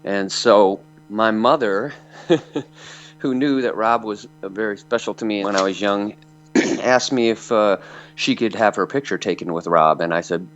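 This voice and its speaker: In a storytelling interview, a fiftysomething man from Michigan, USA, who sings metal, rambles through anecdotes packed with fillers. His voice sits fairly low and moves a little slowly, captured in dull lo-fi audio.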